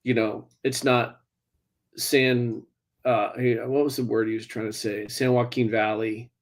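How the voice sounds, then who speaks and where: A man's voice: medium pitch, flat delivery, unhurried. A man, an actor, answering interview questions casually, hesitant and wry. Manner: hesitant, many fillers, wry. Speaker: actor guest.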